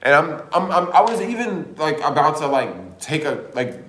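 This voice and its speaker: A man's voice: fairly high pitch, sing-song, normal speed, bright, forceful tone, reverberant. A man hosting a casual livestream, chatting and rambling with lots of filler words. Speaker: livestream host.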